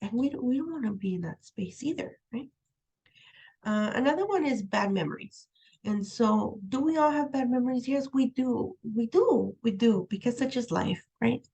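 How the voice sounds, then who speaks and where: A woman's voice: on the high side, animated, moderate pace, vocal fry, mellow, husky, poor audio. A woman lecturing from her room at home, in a conversational style that leans on "um" and "right?". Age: young adult to middle-aged, has a young daughter. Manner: conversational, repeats "right?" and "um", laughs easily. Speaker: college instructor. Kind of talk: recorded online lecture.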